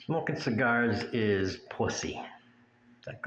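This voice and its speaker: Slow, blunt, crude-talking man. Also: mid-range voice, expressive, highs cut off, a little hiss or hum. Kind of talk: profane rant to camera. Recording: echoey room with faint ambience.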